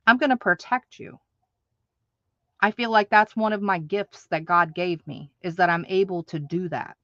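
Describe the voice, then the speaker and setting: A woman's voice: mid-range voice, pushed and bright, dry recording, dull audio. A woman hosting an online craft market, ranting in an emphatic, repetitive, indignant way to her viewers. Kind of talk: ranting livestream monologue.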